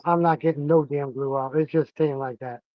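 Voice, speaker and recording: A man's voice: fairly high pitch, fairly even intonation, moderate pace, dry recording, highs cut off. A man hosting a casual livestream, chatting with viewers while doing a fiddly craft and swearing often. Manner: profane, grumbling, greets chat viewers. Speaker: livestream host.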